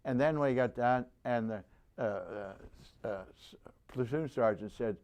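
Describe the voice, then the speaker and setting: This man, a veteran in his nineties, has a clean, darkish, mid-range voice and speaks unhurriedly. Telling a war story for an oral history, he rambles with many restarts and imitates the voices of people he quotes.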